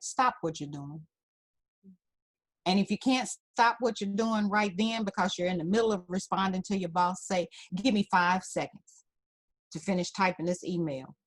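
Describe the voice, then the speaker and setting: A woman counselor, a talk-show guest, giving parenting advice in an emphatic, teacherly way. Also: medium pitch. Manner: emphatic, teacherly, repeats key points. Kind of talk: advice in an interview.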